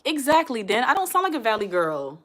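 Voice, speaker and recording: A woman's voice: on the high side, very animated, fairly quick. A woman hosting a casual live stream, chatting with viewers and calling them y'all.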